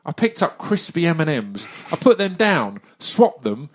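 A man's voice: fairly high pitch, big pitch swings, unhurried, breathy edge. A man hosting a casual podcast, rambling and stopping to restart his sentences with lots of fillers. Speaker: podcast host.

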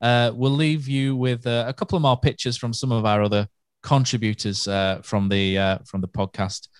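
A man's voice: mid-range voice, little pitch movement, moderate pace, clear, resonant tone, no room sound. A man hosting a casual football podcast, filling his talk with many hesitations. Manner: hesitant, many uhs, wraps things up. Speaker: podcast host.

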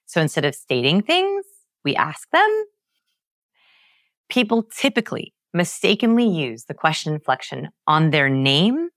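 A woman guest on a podcast, explaining research with emphatic, animated storytelling and big pitch swings. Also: dry recording, studio quality. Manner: lively, emphatic, swings pitch high to act out examples.

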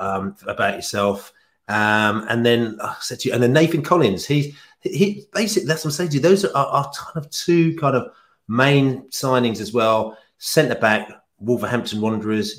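Chatty rambling man, low voice. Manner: chatty and rambling, with frequent fillers and quick laughs. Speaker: guest football podcaster. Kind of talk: casual podcast chat.

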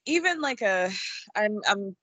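A woman in her thirties co-hosting a casual chat, relaxed and quick to laugh, often restarting her sentences. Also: mid-range voice, no echo. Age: 30s. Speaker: podcast co-host. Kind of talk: casual chat about reality TV.

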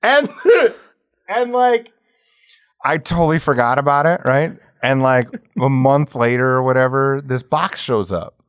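A man in casual podcast chat who tells long, profane stories and breaks into laughter along the way. His pitch rises and falls widely as he gets into a tale. The sound is close and dry, with no room in it. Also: lively intonation, a bit bright, clear, resonant tone, dry recording. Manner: does quick impressions of people in his stories. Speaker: podcast co-host.

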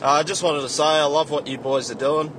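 Driving to work, a man records a ranting voice message, swearing constantly while he tells a story. His slightly high voice holds a steady tone and moves briskly, with background noise behind him.

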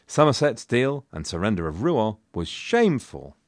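A man's voice: lowish voice, sing-song, moderate pace, no echo. A man hosting a history podcast, telling the story in a wry, conversational way with dry asides. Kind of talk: scripted history narration.

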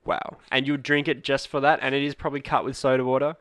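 A man's voice: mid-range voice, level tone, fast talker, fairly bright tone, no echo. A man with an Australian accent, rambling and laughing through a casual chat as a podcast co-host.

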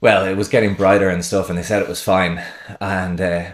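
A man with a very low, deep voice tells a rambling story in a relaxed podcast chat. He loses his thread now and then and laughs at his own jokes. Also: a little fast, reverberant. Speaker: podcast host. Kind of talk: casual interview chat.

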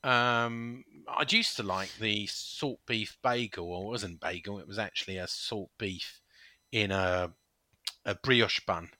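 A man's voice: on the low side, unhurried, bright, forceful tone, no echo. A man co-hosting a casual podcast, telling rambling anecdotes in a chatty way. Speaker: podcast co-host. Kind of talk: casual chat.

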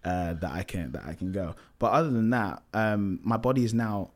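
A young man, a musical theatre actor, chatting in an interview, relaxed and full of fillers and repeats. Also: lowish voice, moderate pace. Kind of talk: casual interview chat.

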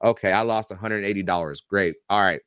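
A man in his thirties or forties, a football coach and YouTube reactor, telling animated, profane, joking stories as a guest on a podcast interview. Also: lowish voice, a little fast, clean tone, dry recording, lo-fi sound. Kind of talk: casual podcast interview storytelling.

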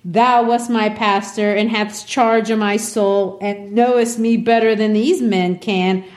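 A woman's voice: mid-range voice, steady tone, a little slow, close to an everyday voice. A woman voicing a defiant young mother in a Puritan court, pleading in impassioned archaic speech.

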